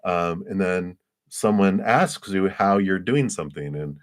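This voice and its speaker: Very low-voiced chatty man reading tarot. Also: normal speed. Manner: chatty and animated, acting out little scenes in high voices; frequent laughs and fillers. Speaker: tarot reader. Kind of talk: live-stream tarot reading.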